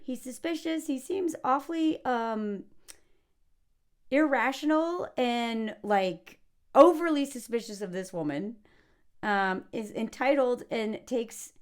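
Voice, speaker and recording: A woman reviewing a movie in casual spoken commentary, sarcastic and mocking, chatty with lots of likes and ums. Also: on the high side.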